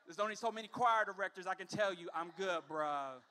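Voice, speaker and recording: A man in his forties on a comedy club stage, working a stand-up set into a handheld mic. His voice sits very high for a man and rings bright and forceful. He tells his stories with animation and slips into other people's voices. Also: fairly quick. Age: 40s.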